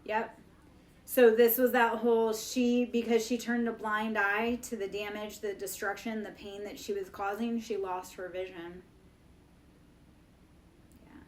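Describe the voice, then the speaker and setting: A woman's voice: medium pitch, level tone, unhurried. Blunt, profane woman ranting on a livestream. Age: 40s. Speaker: live-stream host. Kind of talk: casual live-stream monologue.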